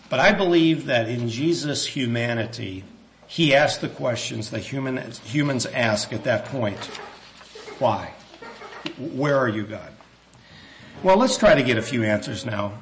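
A man's voice: mid-range voice, creaky, a little hiss or hum. Earnest man preaching a sermon. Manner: earnest, measured, reads scripture slowly; hesitant, with fillers and restarts.

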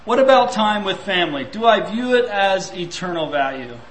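A man's voice: high voice, lively intonation, moderate pace, a bit bright, roomy sound, slight background noise, low-quality recording. A man preaching a sermon, reflective and full of rhetorical questions.

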